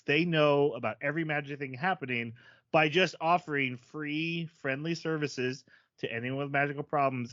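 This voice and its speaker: Bright-voiced man chatting about anime. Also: medium pitch, no room sound, highs cut off. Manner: animated, self-deprecating, laughs often. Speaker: podcast co-host. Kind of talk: casual chat.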